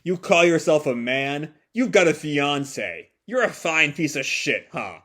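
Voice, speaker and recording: A man reading the lines of a gruff, blunt middle-aged father and cook who used to be a delinquent. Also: on the high side, lively intonation, a little slow, pushed and bright, full character voice. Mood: taunting. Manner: blunt, taunting.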